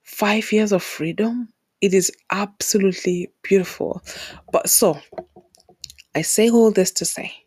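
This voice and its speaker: This woman from Zimbabwe hosts a solo podcast, speaking at a measured pace in a medium-pitched, slightly mellow voice with a breathy edge. There's no room sound. Her talk is heartfelt and earnest, and she repeats words for emphasis.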